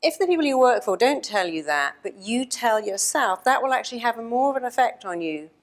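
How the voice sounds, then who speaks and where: A woman with an English accent giving a storytelling keynote talk to an audience, animated and acting out the dialogue. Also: fairly high pitch, fairly quick. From England. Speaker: motivational speaker. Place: stage before an audience.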